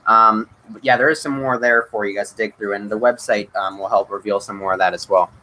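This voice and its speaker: A man's voice: lowish voice, steady tone, brisk, pushed and bright, low-quality recording. A man hosting a casual livestream Q&A, answering chat questions in an eager, chatty way with lots of ums and restarts.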